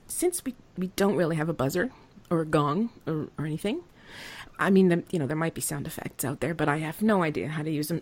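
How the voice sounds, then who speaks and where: A woman's voice: sits low, husky. A woman hosting a playful comedy podcast quiz, joking and laughing as she runs the game. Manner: playful, giggly, lively. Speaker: quiz host. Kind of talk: casual comedic podcast chat.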